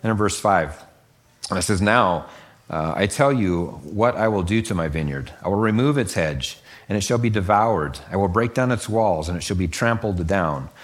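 A middle-aged man teaching a Bible passage casually, explaining the verses conversationally and acting out the voices of the listeners. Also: normal speed. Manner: conversational, acts out voices of the listeners with lively pitch jumps.

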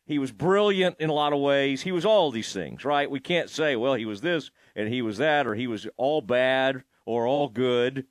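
A man's voice: mid-range voice, normal speed, few pauses, no room sound. A man hosting an interview in a casual way, asking rambling, hesitant questions with many restarts. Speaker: podcast host.

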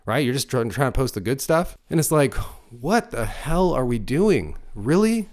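A man's voice: medium pitch, very animated, normal speed, a little mellow. A middle-aged man and father giving blunt, crude life advice in a motivational monologue, full of emphatic rhetorical questions.

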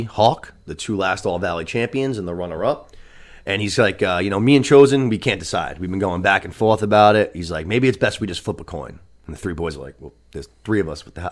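A man hosting a podcast, recapping a TV season in casual, profane chat full of "you know what I mean". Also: fairly low pitch. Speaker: podcast host.

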